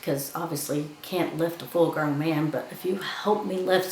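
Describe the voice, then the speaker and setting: A woman with a low, deep voice talks through a film's plot in a loose, chatty way, slipping into the characters' lines as she goes. Her voice rings in an echoey room, with a faint hum of background noise. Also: a little fast, few pauses, fairly bright tone. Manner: chatty, retells scenes by acting out quotes. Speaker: film reviewer. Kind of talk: casual film review and plot retelling.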